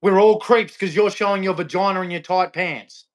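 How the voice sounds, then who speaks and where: In a high voice at normal speed, a man vlogs a preachy rant about religion to camera. The tone is repetitive and heckling, always challenging the listener.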